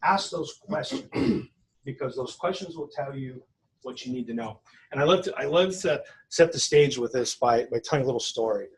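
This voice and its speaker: A man's voice: mid-range voice, animated, normal speed, rough recording. Man telling stories at a seminar. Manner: conversational, storytelling, frequent restarts. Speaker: conference speaker. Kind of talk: live seminar talk with anecdotes. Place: conference room before an audience.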